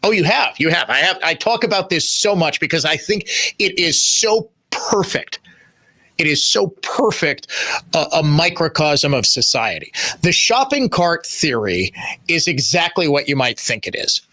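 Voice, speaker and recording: A middle-aged man hosts talk radio, pressing each point with emphatic repetition. His voice sits a little high and rings bright and forceful. The studio sound is close and dry. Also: big pitch swings, a little slow, dry recording. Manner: emphatic, repeats phrases for stress. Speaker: radio talk show host. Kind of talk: opinionated talk radio monologue.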